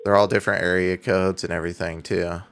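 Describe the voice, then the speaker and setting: A man's voice: sits low, level tone, quick pace, a bit bright. A young man live-streaming in a casual chat, swearing freely, laughing often and reading out viewer donations.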